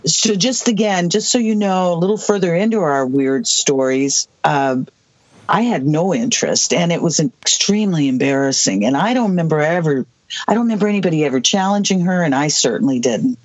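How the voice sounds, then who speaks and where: A person in their sixties from the US Southwest, telling a personal story as an interview guest, halting, with many restarts and asides. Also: medium pitch, lively intonation, no echo. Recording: dull lo-fi dry recording.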